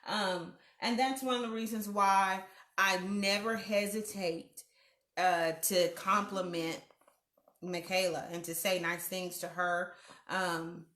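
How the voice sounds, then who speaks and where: Lively affirming woman hosting a live chat. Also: medium pitch, echoey room. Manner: warm, affirming, playful, laughs often. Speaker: host of a live online talk show. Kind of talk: live-stream chat reading viewer comments.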